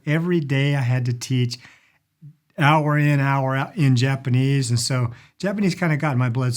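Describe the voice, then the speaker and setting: A middle-aged man giving a casual lesson on polite phrases, repeating each word slowly for learners. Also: on the high side, a little mellow. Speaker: language and culture teacher. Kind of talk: casual instructional talk.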